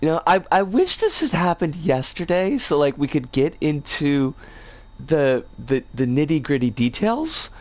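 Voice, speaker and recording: Slow, lively-pitched rambling streamer, scratchy voice. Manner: rambling, playful slang. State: rough, scratchy voice today. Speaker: game streamer. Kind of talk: casual livestream chat.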